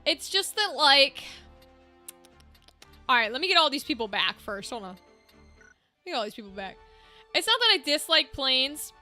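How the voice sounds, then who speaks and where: Game music plays while a young woman with a high, sing-song voice chats with her stream viewers. She talks at a moderate pace with long pauses, her tone sharp, musing aloud as she manages equipment.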